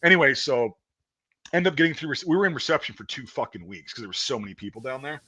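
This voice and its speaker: A man's voice: mid-range voice, animated, fast, sharp tone, slightly rough, poor audio. A man in casual chat, telling a long story in a rambling, profane way with many restarts. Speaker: guest storyteller.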